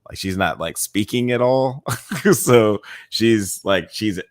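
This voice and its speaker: A man co-hosting a casual podcast, relaxed and quick to laugh, with many fillers. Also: fairly low pitch, no room sound, studio quality. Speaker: podcast co-host. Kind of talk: casual chat.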